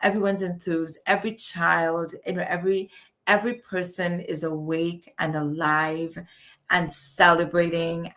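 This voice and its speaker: Lady in her middle years, lowish voice, telling a story on her live stream, heartfelt, keeps restarting her sentences. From Trinidad. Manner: reflective and heartfelt, frequent restarts. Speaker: channel host.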